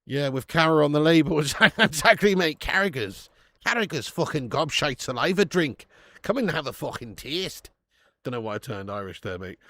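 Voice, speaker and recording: A man's voice: medium pitch, a bit bright, no echo. A man hosting a live football watch-along, swearing freely and laughing as he reads out viewer messages.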